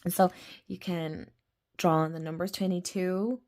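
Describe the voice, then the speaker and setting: A woman's voice: lowish voice, steady tone, a little slow, a little mellow. A woman with an Irish accent, chatting casually and gushing about oracle decks in a rambling way. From Ireland. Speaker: tarot and oracle deck channel host. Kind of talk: casual deck review chat.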